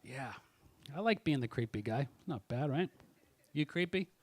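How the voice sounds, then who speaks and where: Speaking in an expressive mid-range voice at a moderate pace, a middle-aged man performs crude, brash stand-up at a comedy club. Between bits he ribs the people in the crowd.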